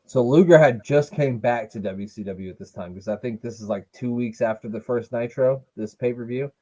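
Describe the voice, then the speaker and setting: A man's voice: medium pitch, moderate pace, warm tone. A man co-hosting a wrestling podcast, chatting casually, joking and swearing now and then. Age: adult, watched as a child in 1995. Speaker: podcast co-host. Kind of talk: casual chat watching wrestling.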